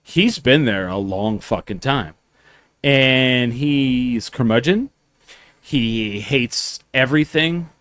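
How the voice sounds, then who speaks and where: A man's voice: mid-range voice, animated, slow pace, a bit bright, dry recording. A man co-hosting a podcast, telling rambling anecdotes in casual chat and swearing freely. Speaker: podcast co-host.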